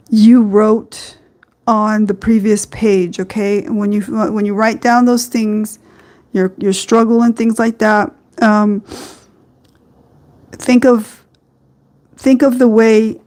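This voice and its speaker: The podcast host, a woman with a fairly high but darkish voice, runs a live-streamed faith show. She speaks earnestly, rambling somewhat, and uses lots of fillers along with small laughs.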